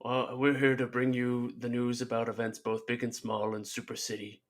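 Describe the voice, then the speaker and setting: A man co-hosting an improvised comedy podcast, trading dry, deadpan quips. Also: mid-range voice, normal speed. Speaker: co-host.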